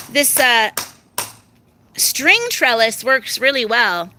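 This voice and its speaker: A woman's voice: fairly high pitch, animated, unhurried, background noise. A woman vlogging outdoors in her garden on a handheld phone, rambling casually and laughing often. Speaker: vlogger showing her pet pig and garden. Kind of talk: casual chat.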